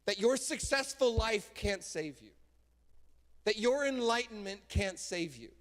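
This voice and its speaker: A man pastor preaching a sermon from a church stage, casual and emphatic, with sudden loud bursts. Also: high voice, sing-song, a little slow. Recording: long hall reverb in a church.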